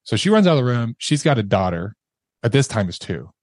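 A man's voice: mid-range voice, sing-song, brisk, darkish tone, no echo. A man in his thirties, a podcast guest, telling a harrowing personal story with emotion and acting out the voices of others. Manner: emotional, acts out quoted voices, laughs nervously.

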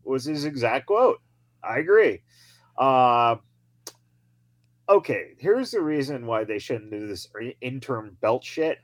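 A man's voice: medium pitch, sing-song, unhurried, long pauses, no room sound. Mocking man in a dry room. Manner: mocking, laughs through rants, swears. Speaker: podcast co-host. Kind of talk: casual wrestling commentary.

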